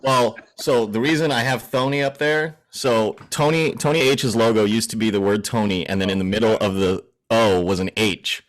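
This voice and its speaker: A man chatting casually with friends, laughing often and throwing in quick jokes. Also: fairly low pitch. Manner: giggly, quick quips. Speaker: DJ and podcast guest. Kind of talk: casual chat.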